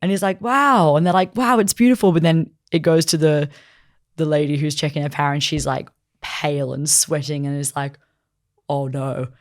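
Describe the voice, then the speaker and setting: Brief: woman podcast co-host, low voice, lively casual storyteller, fond of "like". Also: a little fast. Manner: animated storytelling, acting out characters' lines with lots of "like". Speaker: podcast co-host reviewing anime. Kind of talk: casual chat.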